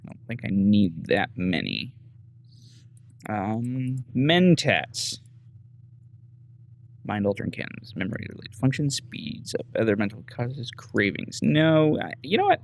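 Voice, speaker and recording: A man narrating his own gameplay in a loose, casual way, muttering through menus and reading item names aloud. His voice has a gravelly edge and swings widely in pitch, at an ordinary male register. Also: big pitch swings, a little slow. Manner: casual, reads menu text aloud, muttering asides. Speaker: gameplay host. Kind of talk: casual let's-play commentary.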